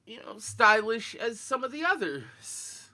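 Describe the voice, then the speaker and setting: A young man, talking laid-back and profane in sneaker-head slang. His voice is high for a man and very bright and sharp, with a groggy morning roughness. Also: very animated, measured pace. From Philadelphia, USA. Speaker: sneaker vlogger. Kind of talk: casual chat to live viewers.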